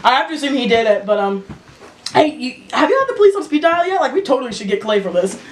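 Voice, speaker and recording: A woman's voice: high-pitched, big pitch swings, fast, slight background noise. A woman giving a melodramatic, giggly confession in a comic mockumentary interview. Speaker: interviewee in a mock documentary.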